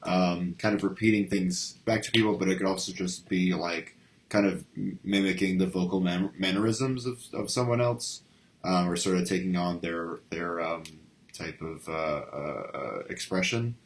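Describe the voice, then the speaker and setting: A man hosting a casual stream discussion, talking haltingly with lots of fillers and restarts. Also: low-pitched, fairly even intonation.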